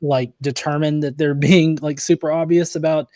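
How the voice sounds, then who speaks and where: A man hosting an interview, asking his questions haltingly, with frequent fillers and restarts. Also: on the high side, fairly even intonation, darkish tone, dry recording. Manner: hesitant, many fillers and restarts. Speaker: host. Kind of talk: casual interview chat.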